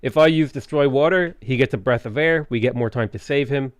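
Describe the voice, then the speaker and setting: A man's voice: medium pitch, brisk, no echo, clean studio sound. A man casually chatting on a livestream while gaming, rambling and swearing freely, with jokey asides to chat. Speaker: streamer.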